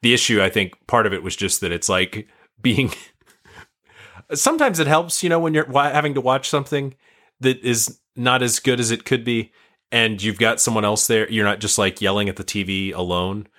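A man's voice: lowish voice, normal speed, bright, forceful tone. A young man co-hosting a podcast, rambling casually with lots of fillers and self-deprecating asides. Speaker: podcast co-host. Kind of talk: casual chat.

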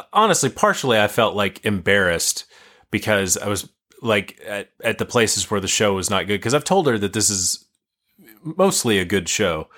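Young guy rambling on a podcast, lowish voice, bright and forceful. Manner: rambling, self-deprecating, many fillers. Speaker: podcast co-host. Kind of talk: casual chat.

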